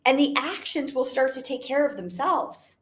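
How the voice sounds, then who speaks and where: A network marketing business owner, a young adult woman, talks emphatically to motivate her listeners, restating her points and using "like" frequently. Her voice is high-pitched, expressive and a bit bright, at a moderate pace.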